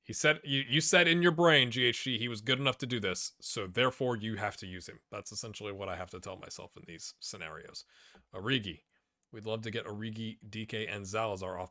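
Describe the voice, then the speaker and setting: Speaking with a fairly low pitch, a middle-aged man gets fired up narrating a football management game, calling out to the players on screen. The recording is clean studio audio without any room sound.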